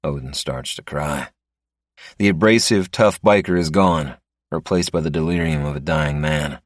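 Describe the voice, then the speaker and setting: Narrating his own story at a normal speed, a man speaks in a deep, low voice with dry, faintly wry delivery. It's recorded close and dead, with no room sound at all.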